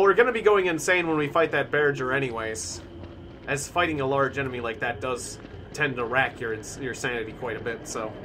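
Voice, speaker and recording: A man live-streaming a survival game, talking through his moves as he plays, now and then breaking into shouts. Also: medium pitch, noisy background. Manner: animated, thinking aloud, bursts of shouting. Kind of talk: live-stream gameplay commentary.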